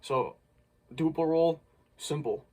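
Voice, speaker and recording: A man's voice: fairly high pitch, slow, very noisy. A man casually breaking down a snare drum part as an instructor, thinking aloud with small restarts. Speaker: drumline instructor.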